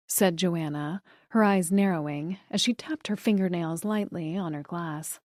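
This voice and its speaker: A woman narrating an audiobook in a soft, hushed delivery. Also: on the low side, measured pace, dry recording, studio quality. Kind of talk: scripted narration.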